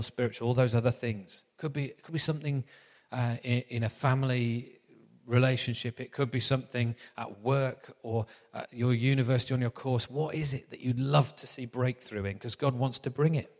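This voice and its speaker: A man in his thirties preaching a sermon, chatty and self-deprecating with plenty of ums as he tells stories. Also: mid-range voice. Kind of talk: sermon with anecdotes. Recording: long hall reverb.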